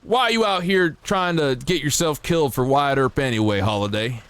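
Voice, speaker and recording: A man's voice: medium pitch, normal speed, fairly bright tone, clean tone, pitched above the performer's own voice, natural voice. A man putting on a generic cowboy drawl to quote a sardonic Old West gunslinger, drawn out and theatrical. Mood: pointed.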